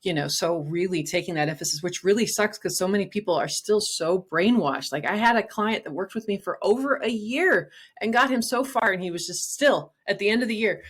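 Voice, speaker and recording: A woman's voice: mid-range voice, a little fast, few pauses, slightly rough. A middle-aged woman talking candidly and bluntly as an interview guest, with emphatic, casual phrasing. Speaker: guest, nutrition practitioner.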